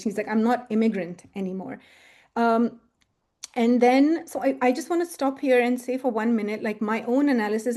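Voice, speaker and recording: Lady presenting her research in a webinar, relaxed dark tone, chatty, lots of ums and likes. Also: on the high side. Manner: conversational, retelling an interviewee's story with many fillers. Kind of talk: academic webinar talk. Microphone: webinar computer mic.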